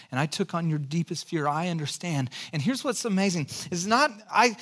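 High-voiced pastor preaching a sermon. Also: male voice, normal speed, few pauses, a bit bright. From California, United States. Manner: earnest, storytelling, with dry jokes.

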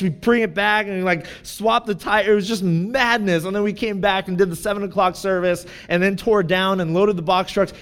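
A man in his thirties preaching a sermon, telling a personal story in an animated, self-deprecating, joking way. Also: high-pitched. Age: 30s. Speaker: pastor. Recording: long church-hall reverb.

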